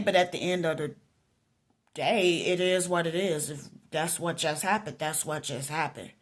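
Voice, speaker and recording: A woman, telling a personal Christian testimony in an animated way, quoting both people in the story and swinging from low murmurs to loud outbursts. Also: normal speed. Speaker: Christian vlogger sharing a testimony.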